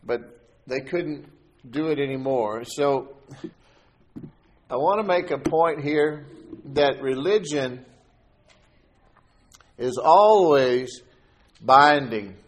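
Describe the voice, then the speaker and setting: Pastor reading scripture in a sermon. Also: male voice, on the high side, a little mellow. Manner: reads aloud, slowing to stress key words.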